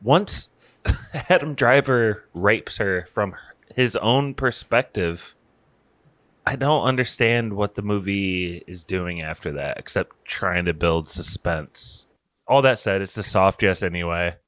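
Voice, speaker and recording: A man co-hosting a movie podcast in casual chat, jokey with deadpan silly bits. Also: deep voice, slow pace, no room sound. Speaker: podcast co-host.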